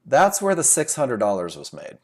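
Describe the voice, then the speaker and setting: A man's voice: mid-range voice, wildly swooping pitch, moderate pace, a little mellow. A man leading a live trading class over a computer microphone, firing rhetorical questions and repeating his key points for emphasis. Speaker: trading instructor. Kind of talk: live webinar teaching.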